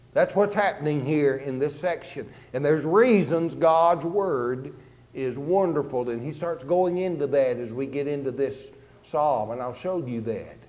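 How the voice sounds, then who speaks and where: A man preaching a conversational sermon, teaching on a Bible passage and slowing down to read scripture aloud. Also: a little high, a little mellow, in a large hall. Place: church sanctuary.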